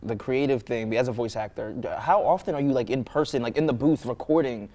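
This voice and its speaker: A man hosts a relaxed interview, joking and teasing his guest. He rambles through his questions with fillers and restarts. The talk comes from a college radio studio. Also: medium pitch, brisk. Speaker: talk show host. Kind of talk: casual interview chat.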